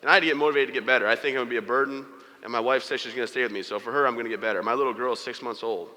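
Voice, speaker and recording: A man tells his own story to an audience in a candid, joking manner. He talks quickly, and his voice sounds bright and forceful. The sound carries the long reverb of a large event hall. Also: mid-range voice, steady tone. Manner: candid, joking, acts out quoted dialogue. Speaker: motivational speaker. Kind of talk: personal storytelling speech to an audience.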